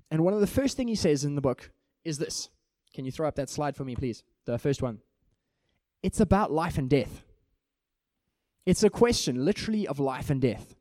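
A man preaching a sermon in an animated way, acting out small everyday scenes to make his points. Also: fairly high pitch, dry recording, clean studio sound.

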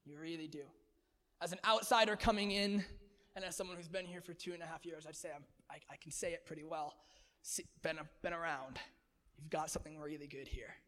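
An energetic male preacher with a high voice, talking to the congregation like friends and laughing between points. A long hall reverb hangs on his words. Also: a little fast. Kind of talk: sermon.

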